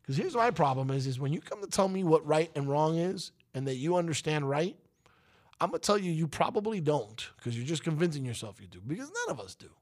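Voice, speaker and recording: A man's voice: a little high, very animated, fairly quick. A man hosting a talk show, delivering an emphatic, preachy opinion monologue that rises to outbursts. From United States.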